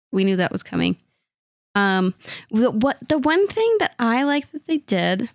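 Bubbly higher-voiced woman co-host. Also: no room sound, clean studio sound. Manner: bubbly, gushing reactions. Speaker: podcast co-host. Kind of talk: casual chat.

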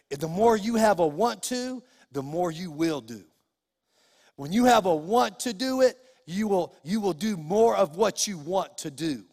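A middle-aged male pastor with a fairly high voice preaches emphatically, circling back on his points with folksy asides. His voice rings with the long reverb of a church sanctuary. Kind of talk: sermon.

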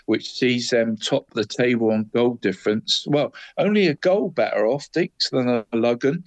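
A man's voice: medium pitch, normal speed, dry recording. Male co-host, rambling chatty delivery, dry close recording. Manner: chatty, says "mate" constantly, rambling restarts. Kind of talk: casual football chat.

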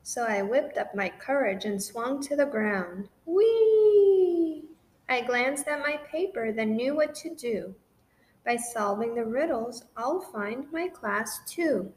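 A woman reading a rhyming children's picture book aloud in an expressive, sing-song way. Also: a little high, measured pace. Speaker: storybook reader. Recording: roomy echo with faint noise.

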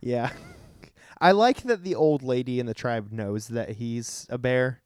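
A man of middle pitch chatting as a co-host, with a dry and teasing sense of humor. He drops sarcastic asides into the talk. The recording is close and dry. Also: unhurried, darkish tone, dry recording. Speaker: podcast co-host. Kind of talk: casual comedic chat.

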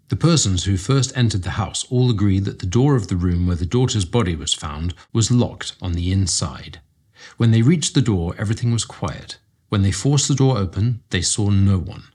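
A man reading a classic mystery story aloud as a narrator, in a measured, dramatic way with slow pauses. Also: fairly low pitch, darkish tone, husky. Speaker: audiobook reader.

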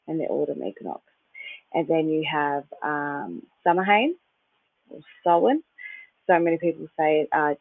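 Host, chatty and meandering, with a gravelly edge, recorded dry and phone-thin. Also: mid-range voice, no echo. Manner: rambling, chatty, loses track and restarts; occasional swearing. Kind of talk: casual spiritual talk. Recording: dry, tinny phone-like sound.

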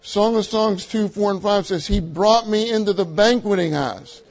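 Emphatic older male preacher, high voice. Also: normal speed, low-quality recording. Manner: emphatic, repeats key phrases, laughs between points. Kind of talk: sermon.

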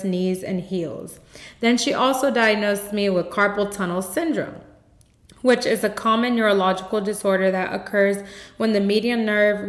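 Woman podcast host, emotional personal testimony, middle pitch, roomy echoey recording. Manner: emotional, candid, addresses listeners as y'all. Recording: echoey room.

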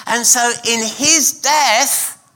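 A middle-aged man preaching a sermon in church, emphatic and repeating key phrases with pauses between them. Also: very high-pitched, bright, forceful tone. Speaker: pastor.

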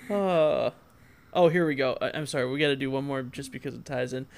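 A man's voice: mid-range voice, brisk, vocal fry. A man hosting a casual podcast chat, laughing often and reading listener posts aloud. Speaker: podcast host.

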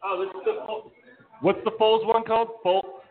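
A man's voice: high-pitched, flat delivery, brisk. A man hosting a casual chat over beers in a brewery bar, rambling and laughing at himself. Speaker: podcast host. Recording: tinny phone-like sound.

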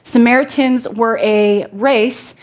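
A woman's voice: fairly high pitch, steady tone, slow. A woman preaching a sermon to a congregation, reading scripture and talking in a conversational way that jokes with the listeners. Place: church before a congregation.

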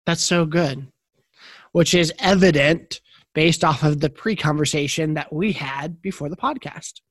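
A man's voice: fairly high pitch, measured pace, no echo, studio quality. A man hosting a podcast interview, encouraging and conversational as he asks his guest questions. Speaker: podcast host.

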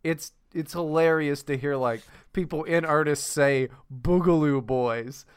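A man's voice: a little high, steady tone, normal speed, clean tone. Rambling, laughing male podcast co-host. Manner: rambling, profane, laughs often. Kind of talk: casual podcast chat.

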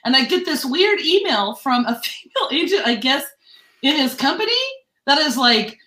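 Bright high-voiced woman telling a story. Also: normal speed, echoey room, low-quality recording. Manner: animated, profane, acts out quotes with voice swings. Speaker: real estate agent. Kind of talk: casual storytelling in a group chat.

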